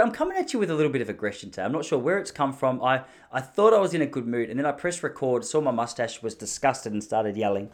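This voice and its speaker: A young Australian man, a podcast host, telling a comedic story in an animated, ranting, self-mocking way. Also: medium pitch, quick pace, few pauses.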